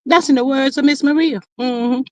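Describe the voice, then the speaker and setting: A woman hosting a casual live stream, chatting with viewers and reading their comments aloud in a lively, drawn-out way. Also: no echo. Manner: chatty, lively, drawn-out greetings, sudden high exclamations.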